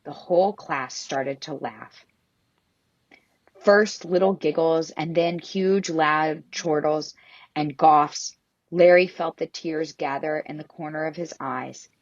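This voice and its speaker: Woman reading a kids' story, husky low voice, dry muffled lo-fi sound. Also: slow, no room sound. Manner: expressive. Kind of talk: reading a children's story aloud.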